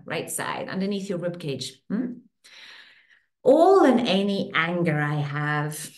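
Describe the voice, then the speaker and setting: A middle-aged woman leads a group through guided tapping and affirmations, speaking slowly with a lively, rising and falling voice. Her soothing lines repeat in a steady rhythm. The recording has a noticeable room echo. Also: on the low side. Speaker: facilitator leading a women's circle. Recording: echoey room.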